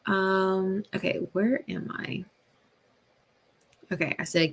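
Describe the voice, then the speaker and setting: A woman hosting a casual live reading stream, chatting slowly with many ums and soft laughs. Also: medium pitch, fairly even intonation, vocal fry, husky. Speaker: booktube host.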